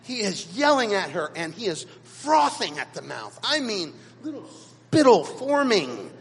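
A man, a pastor, preaching a sermon and telling stories dramatically, with sudden swings between quiet and loud. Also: high voice, sing-song, unhurried, long reverb tail. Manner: dramatic storytelling with big swings in loudness. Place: church sanctuary.

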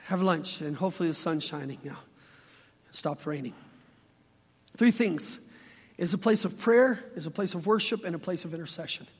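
Man preaching, very high-pitched, animated and folksy, long hall reverb. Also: husky. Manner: animated, folksy, acts out quoted voices. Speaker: pastor. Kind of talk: sermon.

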